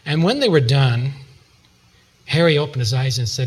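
A man's voice: medium pitch, animated, moderate pace. A man preaching a sermon, retelling a story and acting out the voices of its people. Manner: acts out voices in a retold story, chuckles at times.

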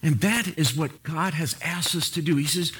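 A man's voice: on the high side, normal speed, slightly rough. A man preaching a sermon, opening in prayer and telling a humorous story before turning to the message. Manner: animated storytelling with prayer and jokes. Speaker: pastor.

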